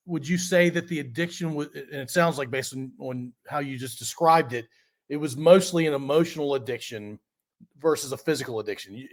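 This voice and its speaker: A male podcast host who sums up and rephrases what his guest has said before asking his next question. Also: mid-range voice. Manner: summarizes and rephrases the guest's points. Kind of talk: interview questions.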